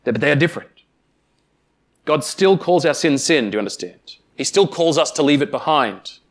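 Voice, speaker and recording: A man preaching a sermon, speaking emphatically with deliberate pauses and addressing the congregation directly. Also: on the high side, expressive. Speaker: pastor.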